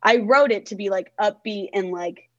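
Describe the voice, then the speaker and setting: Young adult woman, interview guest, chatty and meandering, mid pitch, dry muffled recording. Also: moderate pace, no room sound. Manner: rambling, filler-heavy with frequent "like". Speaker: songwriter guest. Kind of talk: casual interview chat.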